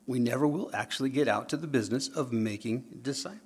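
A man's voice: medium pitch, fast talker, breathy edge. A man preaching a sermon, who tells stories, acts out dialogue and keeps asking his listeners questions. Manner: animated storytelling, acts out dialogue, asks the audience questions.

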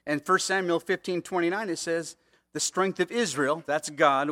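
A man's voice: fairly high pitch, moderate pace, a bit bright. A man preaching a conversational sermon, asking the congregation rhetorical questions. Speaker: pastor.

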